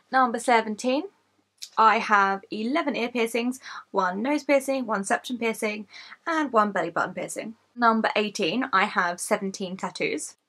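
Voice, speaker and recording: An English woman in her late twenties talks straight to camera, running through a list of facts about herself. She is chatty and candid, laughs at her own stories and swears freely, and her voice sits at an ordinary middle pitch for a woman. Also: sharp tone. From England, Kent. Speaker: YouTuber.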